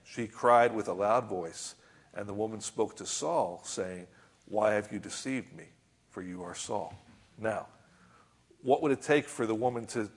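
A man's voice: medium pitch, slightly rough. A man preaching a sermon in a conversational way. He reads scripture aloud, comments on it, and keeps asking his listeners rhetorical questions.

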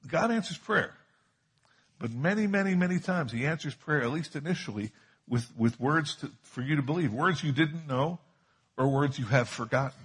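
A man preaching a sermon with a husky, slightly breathy voice. He is emphatic and drives his points home by repeating key phrases. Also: fairly high pitch, animated, moderate pace, a bit bright. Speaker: pastor.

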